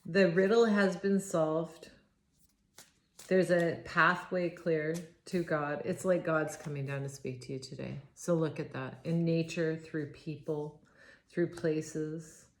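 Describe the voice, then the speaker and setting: A woman with a low voice reads tarot cards slowly, sounding awed and halting, breaking off into sighs and restarting her sentences. The recording has a roomy echo with a faint hiss of noise behind her. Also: fairly even intonation. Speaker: tarot reader. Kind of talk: spontaneous tarot reading.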